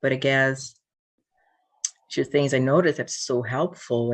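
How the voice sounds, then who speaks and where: Thoughtful, halting conversation host. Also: medium pitch. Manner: thoughtful, halting, searching for words. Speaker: host and diversity company CEO. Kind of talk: casual reflective conversation.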